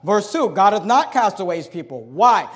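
A man preaching a sermon as pastor, emphatic, with sudden swings between loud passages and hushed ones. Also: high-pitched, sing-song, normal speed.

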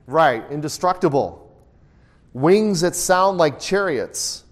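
A man's voice: fairly high pitch, lively intonation, slow. A man leading a Bible study, reading scripture aloud and asking his group questions, then echoing their answers. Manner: reads scripture aloud in a raised voice. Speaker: Bible teacher. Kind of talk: interactive Bible study teaching.

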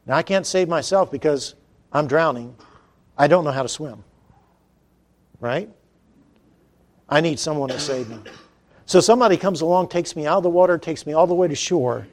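Male preacher, fairly high voice, animated storyteller who shouts the key moments. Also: moderate pace, long pauses. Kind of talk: sermon.

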